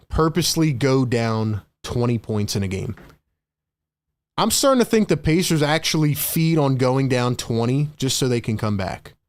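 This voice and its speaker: A young man hosting a live stream, giving excited fan play-by-play of a basketball game and hyping up his chat. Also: medium pitch, no room sound. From Philadelphia area. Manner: excitable, hypes the chat, shouts at big plays.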